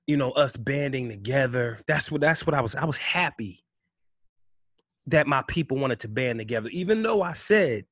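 A man giving an impassioned commentary rant, firing rhetorical questions and swinging between loud outbursts and low mutters. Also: expressive, normal speed, no room sound, clean studio sound. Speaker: vlogger.

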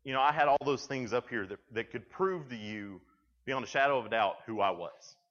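A man's voice: medium pitch, animated, brisk, a bit bright, big-room sound. Young man speaking to teens, lo-fi. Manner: conversational storytelling with frequent restarts. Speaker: youth speaker. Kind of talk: talk to junior high students. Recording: dull lo-fi sound.

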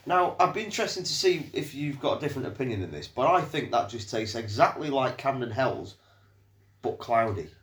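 Dry co-host in a roomy space. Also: male voice, medium pitch, animated, fairly quick. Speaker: podcast co-host. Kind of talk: casual chat. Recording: roomy echo.

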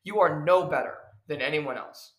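A professional wrestler hosts his own solo podcast, ranting and lecturing in a heated, preachy way as he drives his points home again and again. His voice is on the high side at a normal speed, and the room is echoey.

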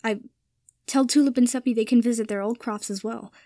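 A woman voicing a proud, upset young wizard man who answers in quick, clipped lines, in a storybook reading. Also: on the high side, steady tone, mellow, no echo, natural voice. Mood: earnest.

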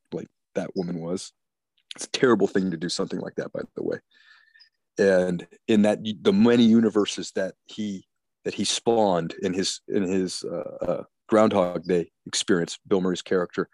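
A man's voice: sits low, darkish tone, no room sound. A man talking in a crude, rambling, profane way in casual chat.

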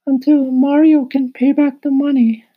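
A man voicing a gentle, earnest young male cricket in an audiobook, sincere and soft-spoken. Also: extremely high pitch, level tone, moderate pace, narrow, tinny audio. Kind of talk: audiobook character voice.

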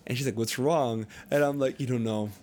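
A young man casually telling a long, animated story on a podcast, swearing freely and acting out what people said. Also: mid-range voice, brisk, slight background noise. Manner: animated, profane, acts out quotes. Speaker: podcast co-host.

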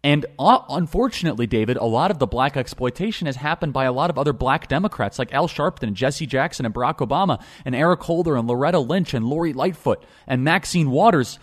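A man's voice: medium pitch, expressive, fast talker, few pauses. A young man hosting a political talk show, speaking emphatically and repeating phrases for stress. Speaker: podcast host.

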